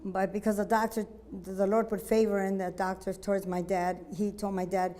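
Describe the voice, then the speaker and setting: Woman sharing her testimony at church, mellow voice, earnest, keeps restarting sentences. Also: medium pitch, flat delivery. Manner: earnest, halting, with many restarts. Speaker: speaker giving a personal testimony. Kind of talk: church testimony, personal storytelling. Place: church conference hall.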